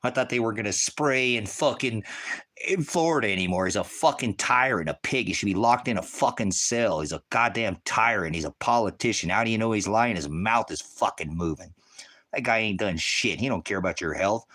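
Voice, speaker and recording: Man ranting heatedly, swearing, slightly low voice. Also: normal speed. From United States. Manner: heated, swearing, shouts in bursts. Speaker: ministry channel host. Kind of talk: profane off-grid rant to viewers. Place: rural off-grid homestead.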